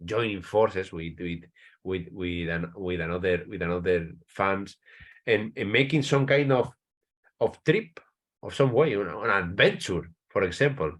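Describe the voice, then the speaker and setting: Low-voiced Spanish-accented man, halting English. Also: expressive, a bit bright. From Spain. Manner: halting, many restarts, searching for English words. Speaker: author, guest. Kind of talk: interview answers.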